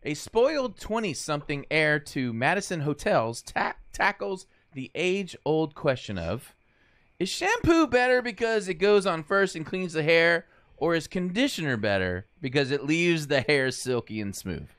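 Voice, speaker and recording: A man's voice: a little high, very animated, a little slow, a bit bright. A man co-hosting a podcast in casual chat, adding dry, joking asides. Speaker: podcast co-host.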